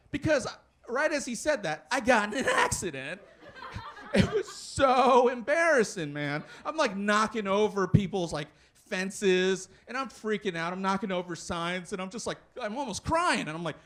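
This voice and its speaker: A man's voice: high voice, a bit bright. A young man doing a stand-up comedy set, rambling with plenty of fillers and restarts. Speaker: stand-up comic.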